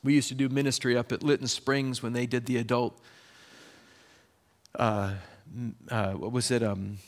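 Lively man preaching a sermon. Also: medium pitch. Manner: lively, conversational preaching with quick bursts. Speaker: pastor.

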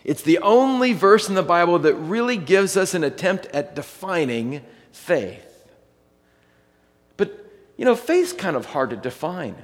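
A man preaching a sermon as pastor, talking conversationally and reading scripture slowly and deliberately. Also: high voice, very animated, big-room sound.

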